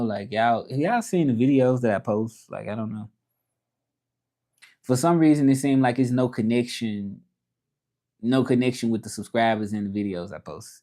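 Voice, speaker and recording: A man's voice: on the low side, a little mellow. A man hosting a casual livestream, rambling with restarts and reading chat comments aloud. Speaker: livestream host. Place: home, livestreaming from Mexico.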